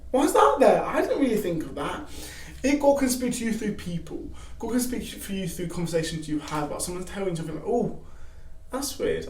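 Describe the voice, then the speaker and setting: A young man giving casual faith advice to camera, animated, acting out excited quotes. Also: high voice, slight background noise. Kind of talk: casual devotional talk to camera. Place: garage. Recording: echoey garage from a distance.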